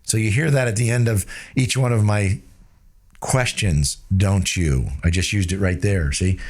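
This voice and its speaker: A man teaching sales closing techniques in an energetic coaching style, sprinkling tag questions and swinging his tone up and down to demonstrate. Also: unhurried. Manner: changes pitch and tempo to demonstrate. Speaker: sales trainer. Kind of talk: instructional talk.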